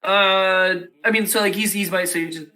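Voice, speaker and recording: A man's voice: high-pitched, steady tone, fairly quick, sharp tone. A man playing a tabletop role-playing game, in character, rambling and hesitant with lots of fillers.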